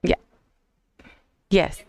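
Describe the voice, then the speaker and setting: A woman chairing a county board meeting, courteous and brisk as she moves between speakers. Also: warm tone.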